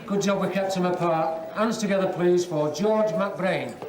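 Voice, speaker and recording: An actor playing a male club compère who announces the next act with brisk patter. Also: sits high. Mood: announcing. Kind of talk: announcing acts in a TV drama. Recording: distant voice in noisy echoey club.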